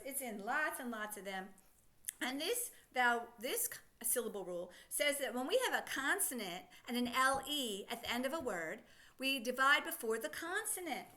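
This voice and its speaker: Bright, lively woman teaching phonics. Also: high-pitched. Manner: encouraging, asks many questions; sounds out words slowly. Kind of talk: children's phonics lesson.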